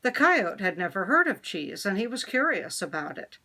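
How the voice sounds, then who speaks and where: A woman reading a children's picture book aloud in an expressive, storytelling way. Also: medium pitch. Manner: expressive, slow read-aloud.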